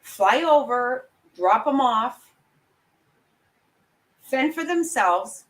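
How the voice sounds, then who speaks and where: A woman vlogger rants furiously and swears freely in an opinionated live commentary. Her voice sits a little high and swings all over the place. She talks right into a webcam or phone mic. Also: expressive, drawn-out words, low-quality recording. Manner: angry, blunt and profane ranting.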